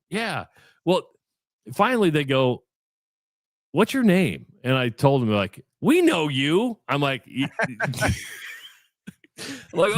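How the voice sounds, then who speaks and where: A man's voice: a little high, no room sound, studio quality. A middle-aged man from Iowa co-hosting a radio show, telling a long story and acting out both sides of the chat. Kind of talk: casual storytelling on sports radio.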